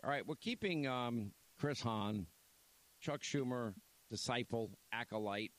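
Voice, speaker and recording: A man's voice: medium pitch, lively intonation, a little slow, a bit bright. Blunt rambling male radio host. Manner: rambling, blunt, repeats himself. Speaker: radio talk show host. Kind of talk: casual talk radio with live ad read.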